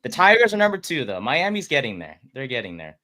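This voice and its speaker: A man talks college football picks on a podcast in a teasing manner. His voice is bright and leaps widely in pitch. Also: wildly swooping pitch, fast. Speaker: podcast co-host. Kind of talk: casual sports chat.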